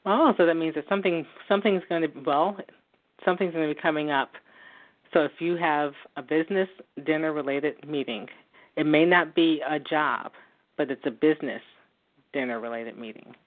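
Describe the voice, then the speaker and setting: A woman giving a psychic reading in a gentle, reassuring way, laughing easily as she talks. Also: low voice, normal speed. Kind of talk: phone-in psychic reading and chat. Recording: tinny phone line.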